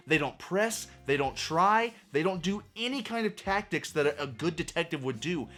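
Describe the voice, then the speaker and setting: A man's voice: fairly high pitch, lively intonation, moderate pace, bright, forceful tone. A man ranting through a movie review, sarcastic and profane, full of exasperation.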